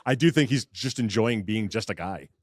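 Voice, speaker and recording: A man who writes a hockey column, trading wry, quick quips as a guest on a live podcast. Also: lowish voice, expressive, no room sound, studio quality. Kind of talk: casual chat before a live audience. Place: live podcast in front of an audience.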